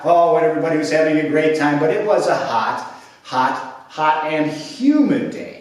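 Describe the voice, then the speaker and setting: A man narrates a children's folk tale in a playful, expressive way, throwing in sound effects. His voice sits a bit high and comes from a distance, with heavy room echo. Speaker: storyteller. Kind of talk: animated children's storytelling. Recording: echoey room, mic at a distance.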